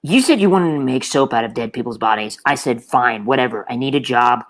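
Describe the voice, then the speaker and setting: A woman's voice: a bass voice, animated, brisk, low-quality recording. A flustered employee, as a woman plays her who is fed up with her boss. She rambles on indignantly, piling up complaints as she goes. It comes across as an improvised comedy scene. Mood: exasperated. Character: flustered put-upon female employee, exasperated.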